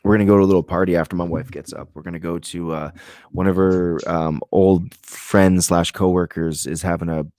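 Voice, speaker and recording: A man's voice: sits low, steady tone, brisk, mellow, dry recording, studio quality. A man from Vermont co-hosting a podcast, chatting casually in a rambling, joking way with a lot of swearing. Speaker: podcast co-host. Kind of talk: casual chat.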